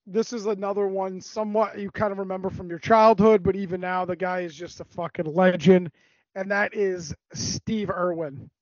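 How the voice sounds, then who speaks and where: A man's voice: sits high, steady tone, no room sound, lo-fi sound. A man co-hosting a podcast, swearing freely and chatting loosely. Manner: swears a lot, fast and loose. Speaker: podcast co-host. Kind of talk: casual chat.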